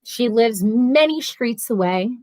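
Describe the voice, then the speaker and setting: A woman's voice: on the high side, takes it slowly, dry recording, rough recording. A woman hosting a casual live stream, reading viewer comments aloud and rambling through stories with bursts of laughter. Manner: chatty, rambling, reads comments aloud and answers them; animated storytelling with laughter.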